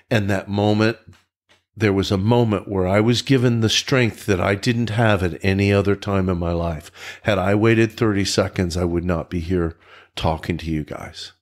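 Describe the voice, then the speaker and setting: A man who is a podcast guest, telling his personal recovery story in a reflective, earnest way, often restarting his sentences. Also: low voice.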